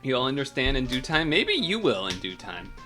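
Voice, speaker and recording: A man's voice: medium pitch, huge pitch swings, normal speed, sharp tone, soft background music. A man streaming, chatting casually and teasing a caller in a playful back-and-forth.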